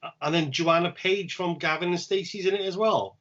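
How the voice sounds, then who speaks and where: Host with a dry joking manner. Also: male voice, sits high, a little fast, dull audio, a crowd in the background. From Wales. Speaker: podcast host. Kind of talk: casual chat.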